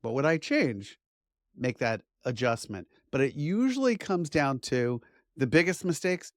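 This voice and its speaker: A man's voice: medium pitch, big pitch swings, a little slow, dry recording, clean studio sound. Upbeat middle-aged man coaching. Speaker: media trainer and course instructor. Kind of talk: instructional talk to camera.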